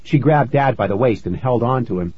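A man narrating a first-person story in a measured storytelling manner, on a dull, lo-fi recording. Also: medium pitch, slight background noise. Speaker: audiobook narrator.

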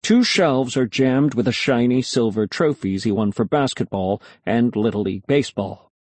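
A man's voice: mid-range voice, moderate pace, dry recording. A man reading a children's story aloud in the first person, expressively. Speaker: audiobook narrator.

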